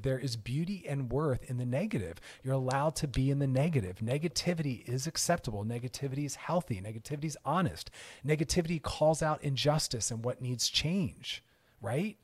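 A man's voice: a little high, no echo. A man hosting a podcast, answering listener messages in an earnest, emphatic, explanatory way and repeating his key points. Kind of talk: casual explanatory talk.

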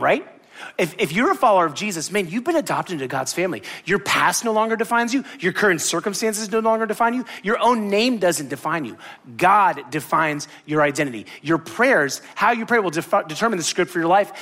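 A man preaching a sermon, animated and jokey, acting out quotes as he tells a story. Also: a little high. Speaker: pastor.

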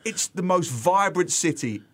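Man, slightly high voice, humorous storyteller, lively, radio guest columnist. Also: measured pace. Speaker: regular contributor, author and newspaper columnist. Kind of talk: radio show conversation.

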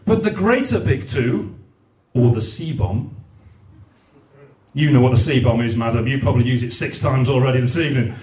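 A man performs a swearing, crude stand-up routine at a venue hall's comedy night, acting out others' raised voices. His mid-range voice is expressive and a little mellow at a moderate pace, recorded distantly in an echoey hall.

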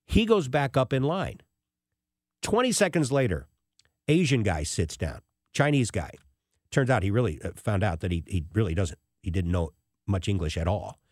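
A male radio host with a lowish voice talks through a story on air, his pitch rising and falling widely as he acts out the people in it. The sound is dry and close, with no room echo. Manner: animated storyteller who acts out the people he quotes. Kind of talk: talk radio monologue.

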